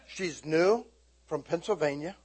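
A middle-aged male preacher telling a story in a lively, animated sermon, often shouting and laughing as he speaks to the congregation. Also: fairly high pitch, a little slow, breathy edge.

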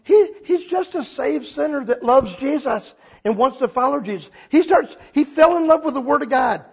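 A man preaching a sermon as a pastor, telling stories with lively acted-out quotes. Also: moderate pace, highs cut off. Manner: animated storytelling, acts out quotes with big pitch jumps.

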